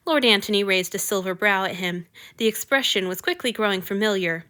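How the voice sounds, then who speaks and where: Bright-voiced woman reading fiction aloud. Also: mid-range voice, a little fast. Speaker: narrator.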